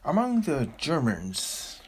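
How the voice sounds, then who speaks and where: A man giving a slow, deliberate philosophical discourse with long pauses, like a spiritual teacher. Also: a little high, huge pitch swings, slight background noise.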